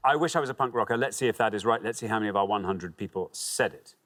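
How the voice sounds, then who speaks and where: A man's voice: lowish voice, rapid-fire, fairly bright tone. A man hosting a TV quiz show, reading clues and teasing contestants in a playful way. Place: TV studio.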